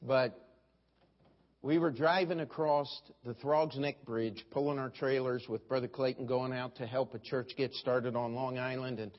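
A man's voice: mid-range voice, fairly even intonation, measured pace. A middle-aged man preaching a sermon as pastor, telling folksy stories and mimicking other preachers. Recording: dull lo-fi sermon recording.

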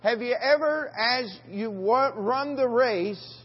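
A man's voice: very high voice, slow pace, slightly rough. A man preaching a sermon in a church, asking the congregation questions and reading scripture aloud in old-fashioned wording. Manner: reads scripture aloud in King James wording. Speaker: pastor. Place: church sanctuary. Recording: dull church recording with long reverb.

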